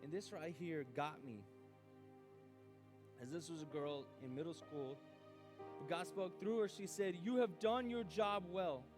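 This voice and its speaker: A man preaching a youth sermon as youth pastor, animated, acting out his own doubts aloud. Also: a little high, unhurried, pauses often, over music.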